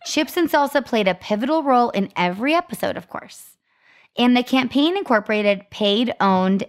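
A young woman co-hosting a chatty podcast, telling an upbeat story and reading out marketing details. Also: fairly high pitch. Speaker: podcast co-host. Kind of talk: casual chat.

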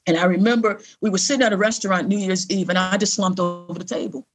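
Over music, a middle-aged woman with a medium-pitched voice speaks fast as an interview guest, relating a personal story in an earnest, chatty way. She gets animated and imitates the voices of people she quotes.

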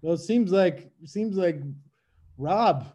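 Energetic fairly high-voiced male evangelist. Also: slow, slight background noise. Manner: energetic, emphatic storyteller with slang like "bro". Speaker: evangelist guest. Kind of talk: casual faith conversation.

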